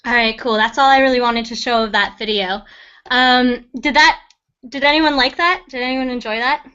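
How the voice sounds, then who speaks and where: A woman's voice: on the high side, normal speed, smooth, muffled recording. A woman hosting a team call, talking casually with lots of ums and you-knows. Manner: relaxed, many ums and hedging fillers.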